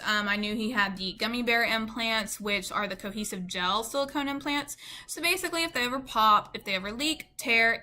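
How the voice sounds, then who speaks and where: A woman with a Southern US accent tells a casual story straight to her viewers. Her voice sits a little high and sounds bright and sharp. She rambles in an easy way, peppering every sentence with "like" and "you know.". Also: a little hiss or hum. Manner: chatty, full of "like" and "you know". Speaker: beauty vlogger. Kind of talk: casual storytime chat to camera.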